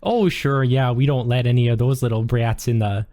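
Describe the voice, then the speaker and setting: A man voicing a sweet-looking, overly cheerful woman librarian who slips in dark jokes. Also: mid-range voice, steady tone, normal speed, close to an everyday voice. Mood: chirpy. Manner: chirpy, overly cheerful with a dark joking streak.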